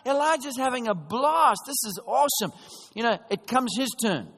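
A man preaching a sermon, telling a story in a chatty, animated way and often checking in with his listeners. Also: extremely high pitch, normal speed. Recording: long reverb of a large hall.

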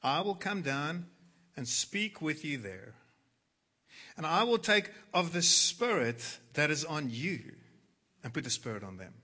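Bright-voiced man preaching with dramatic swings. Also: fairly high pitch, sing-song, measured pace, husky. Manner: dramatic, swings from hushed to loud when quoting scripture. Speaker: pastor. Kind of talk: sermon.

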